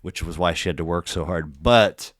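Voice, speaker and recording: A man's voice: low voice, moderate pace, no echo, clean studio sound. A man telling a long personal story in casual, profane podcast chat, full of fillers and restarts. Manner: profane, rambling, filler-heavy.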